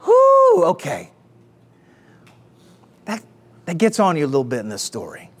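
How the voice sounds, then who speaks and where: Brief: energetic male preacher, lively swooping delivery, rallies the church. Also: mid-range voice, normal speed, slightly rough. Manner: energetic, exclamatory, call-and-response. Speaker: pastor. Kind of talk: sermon.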